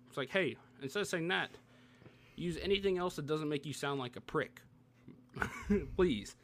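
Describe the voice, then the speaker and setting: Animated young man arguing on a podcast. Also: a little high, moderate pace, pauses often, slight background noise. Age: young adult. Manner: animated, reads from a page and argues back. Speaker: podcast co-host. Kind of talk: casual podcast chat.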